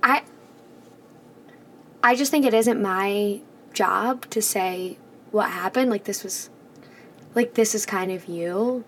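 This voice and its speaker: A young woman co-hosting a podcast in casual chat, speaking hesitantly with many pauses and restarts. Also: mid-range voice, a bit bright, slight background noise. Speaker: podcast co-host.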